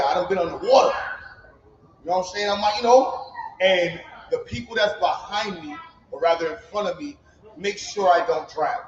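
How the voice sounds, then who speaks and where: In an event hall, a high-voiced founder speaks at a commencement with loose, emphatic street language and genuine feeling. Slight background noise is present, and the livestream recording has a roomy, somewhat dull sound with faint ambience.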